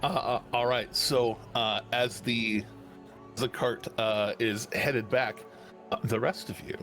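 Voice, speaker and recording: A man's voice: medium pitch, fairly even intonation, slow pace, a bit bright, faint music behind. A man narrating as game master of a tabletop game, rambling with lots of restarts and fillers. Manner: rambling, full of uh and restarts, chuckling.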